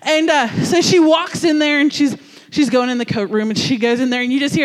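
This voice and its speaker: A man from New Jersey giving a sermon as a youth pastor, telling a story in an animated, jokey, conversational way. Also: extremely high pitch, brisk, long reverb tail.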